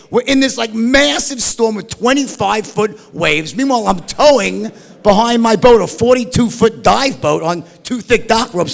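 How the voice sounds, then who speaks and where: Profane high-pitched storytelling man. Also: vocal fry. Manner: profane, rambling, says "right?" and "like" often. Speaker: storyteller guest. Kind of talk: animated anecdote telling. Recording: long hall reverb.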